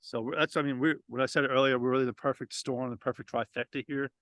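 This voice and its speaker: A man chats casually about his lawn business, rambling a little and restarting his sentences. His voice sits at an ordinary middle pitch. The sound is dry and close, with little room around it. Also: steady tone, quick pace, fairly bright tone, no echo. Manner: loose, rambling, frequent restarts. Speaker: lawn renovation business owner. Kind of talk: casual interview. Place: outdoors at home property.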